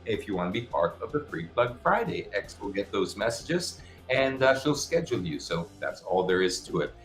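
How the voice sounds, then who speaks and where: A man with a very low, deep voice talks casually through a live-stream Q&A, giving frank advice and often restarting his sentences. He sounds like he is in a roomy, echoey space, with faint music playing underneath. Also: very animated, normal speed. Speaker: show host. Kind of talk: live-stream Q&A, answering viewer questions.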